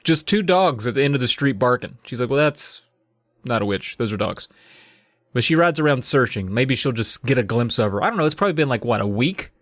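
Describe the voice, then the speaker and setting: A man's voice: mid-range voice, animated, fast talker, few pauses, fairly bright tone, dry recording, clean studio sound. A man co-hosting a podcast, retelling a book's plot playfully with laughs. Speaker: podcast co-host. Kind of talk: casual book recap chat.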